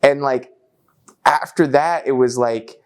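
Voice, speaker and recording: A man's voice: medium pitch, slow pace, smooth. A young man chatting casually, telling stories with lots of slang and filler words. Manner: animated, slangy, lots of "like" and "bro". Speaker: musician and guest. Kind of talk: casual storytelling chat.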